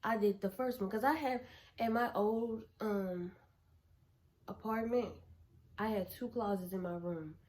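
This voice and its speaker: A young adult woman telling a storytime in casual chat, animated and blunt, swearing freely as she goes. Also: mid-range voice, measured pace, pauses often. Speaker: vlogger.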